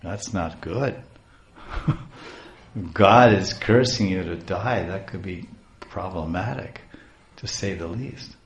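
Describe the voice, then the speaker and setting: A man's voice: sits low, takes it slowly, pauses often. A man telling a scripture story in a lecture, chanting verses and chuckling as he explains, recorded in an echoey room. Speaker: speaker on scripture. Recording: roomy echo.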